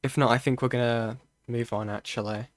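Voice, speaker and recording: A man in a casual live-stream commentary, talking to his chat as he reads through things on screen. His voice sits in an ordinary middle pitch and is recorded dry and close, with no room sound. He thinks aloud, stalls on restarts and keeps coming back to "okay". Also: steady tone, no echo. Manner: halting, thinking aloud with restarts and frequent okays. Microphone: close desk mic.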